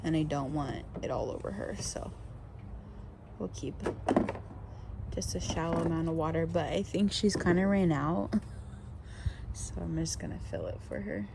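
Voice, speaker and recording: A mom vlogger chatting casually in her backyard, relaxed with the camera and turning to sing-song baby talk with her toddler. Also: deep voice, normal speed, vocal fry, long pauses. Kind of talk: casual home vlog chat. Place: backyard outdoors. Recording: outdoor ambient noise.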